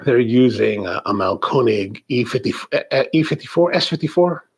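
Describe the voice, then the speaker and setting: A man's voice: medium pitch, animated, moderate pace, breathy edge. A middle-aged man hosting a coffee channel, chatting casually and rambling through viewer questions with many restarts and asides.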